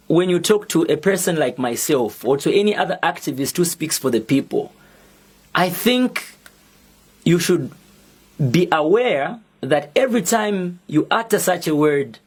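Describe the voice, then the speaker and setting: A young Zambian man with a Zambian accent, making a measured, defiant public statement as a musician and activist. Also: high-pitched, husky.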